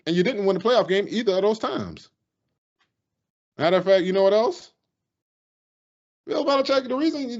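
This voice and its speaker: A man co-hosting a sports podcast with a fairly high voice, ranting in an animated, profane way. The audio is dull and lo-fi, like a cheap podcast mic. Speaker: podcast co-host. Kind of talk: casual sports chat.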